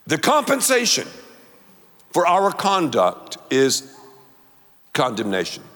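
Animated preacher in a reverberant hall. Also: male voice, a little high, slow. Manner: animated, audience call-and-response. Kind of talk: sermon.

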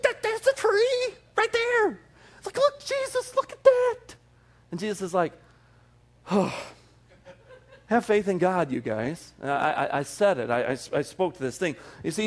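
A middle-aged man preaching a sermon as a pastor, telling the story in an animated way. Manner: animated storytelling, acts out the disciples in a high excited voice.

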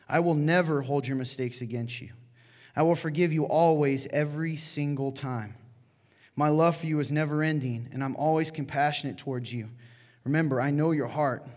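A man preaching as pastor to his congregation, chatty and joking in asides to the crowd. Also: medium pitch. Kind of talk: sermon to a congregation. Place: church hall. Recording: long hall reverb.

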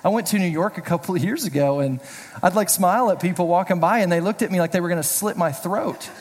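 Man, pastor, high pitch, chatty storytelling sermon, long hall reverb. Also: fast, slightly rough. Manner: chatty, storytelling, self-deprecating jokes. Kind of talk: casual sermon with humor.

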